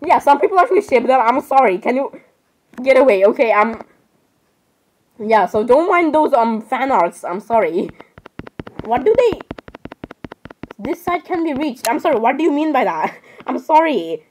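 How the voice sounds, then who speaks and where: A woman's voice: sits high, big pitch swings, normal speed, a little mellow, rough recording. A woman vlogger rambling as she browses online, giggling and apologizing over and over. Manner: rambling, keeps apologizing, giggly, says "literally" often. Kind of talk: casual screen-browsing commentary.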